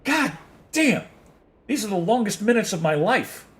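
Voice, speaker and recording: A man's voice: high-pitched, lively intonation, a little fast. A man streaming a game and chatting casually with viewers, rambling and swearing with a chuckle. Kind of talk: casual chat with viewers while playing.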